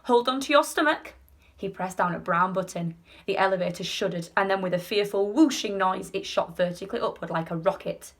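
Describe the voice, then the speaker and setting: A woman teacher reading a children's storybook aloud. Her narration is expressive and paced for young listeners. She builds the action as the story speeds up. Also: fairly low pitch, brisk. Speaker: primary school teacher.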